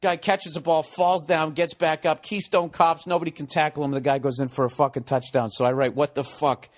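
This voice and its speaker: Casting: male podcast comedian, slightly high voice, profane and ranting, in his forties. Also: a little fast. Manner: profane, ranting, animated storytelling. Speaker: podcast host.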